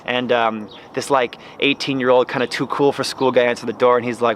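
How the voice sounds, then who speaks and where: A man hosting a gardening vlog, telling a story in a chatty, animated way while standing in his front yard. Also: medium pitch, fairly quick, a little hiss or hum. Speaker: gardening channel host.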